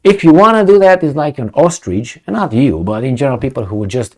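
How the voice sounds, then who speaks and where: A man's voice: mid-range voice, big pitch swings, fast talker. A man giving casual solo commentary, talking in a conversational, digressive way and asking questions as he goes.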